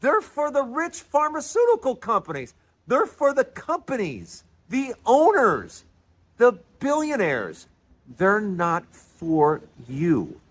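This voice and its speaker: Male host, high pitch, emphatic lecturing monologue. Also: huge pitch swings, slow. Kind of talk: opinionated political monologue.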